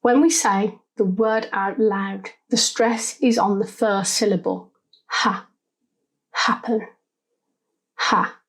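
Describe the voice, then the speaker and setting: Woman, unhurried measured delivery, spelling lesson narration, sounds out syllables. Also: mid-range voice, steady tone, a little mellow, low-quality recording. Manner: slow, deliberate, sounds out syllables. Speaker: English spelling teacher. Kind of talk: scripted instructional narration.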